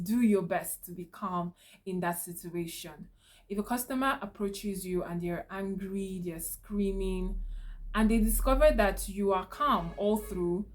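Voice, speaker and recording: A woman hosting her own channel, calmly teaching business communication tips straight to the viewer and checking in with a frequent "okay?". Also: mid-range voice. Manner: calm, instructive, addresses viewer directly with "okay?". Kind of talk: direct-to-camera advice talk.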